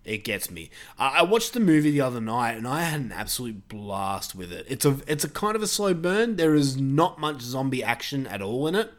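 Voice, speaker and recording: A man's voice: medium pitch, very animated, normal speed, hardly any pauses. Rambling male movie podcast host. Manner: rambling, full of fillers and restarts. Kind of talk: casual movie review chat.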